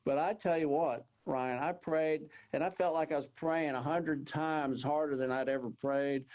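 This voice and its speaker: A man, telling his personal story as an interview guest in an earnest, halting way with many restarts. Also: a little high, fairly even intonation, darkish tone. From Texas. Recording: dull lo-fi audio.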